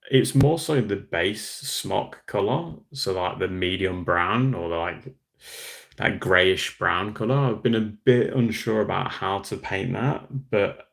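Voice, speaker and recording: A young man with an Australian accent, hosting a relaxed livestream. His voice sits very low with a gravelly fry, and he chats loosely, reading out viewer comments and answering them. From Western Australia. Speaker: livestream host. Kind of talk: casual livestream chat.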